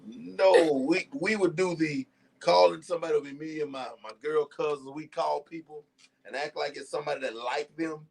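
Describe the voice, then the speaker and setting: Male host, gravelly voice, a bit high, playful and loud laughs. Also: steady tone, normal speed. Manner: loud laughing, playful banter, thanks chat viewers. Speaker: stream host. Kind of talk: casual chat.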